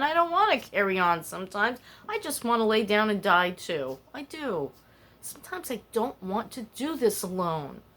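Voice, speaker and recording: A mid-range, slightly bright voice belongs to an older woman hosting a casual podcast. She chats personally and candidly, wandering through stories and her feelings.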